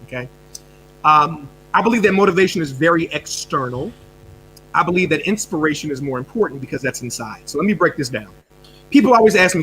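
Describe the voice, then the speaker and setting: Animated man telling a story with bursts. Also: fairly high pitch, slight background noise, rough recording. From United States. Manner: animated, repeats words, fast bursts and sudden drops. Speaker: guest speaker and coach. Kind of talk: energetic storytelling answer.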